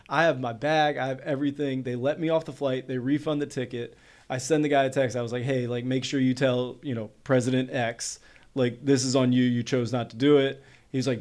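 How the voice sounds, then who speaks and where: A man in his thirties from North Carolina, a podcast guest telling a story in casual conversation. He speaks quickly and animatedly, with plenty of "like" fillers, and his voice sits at a middle pitch. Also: a little mellow.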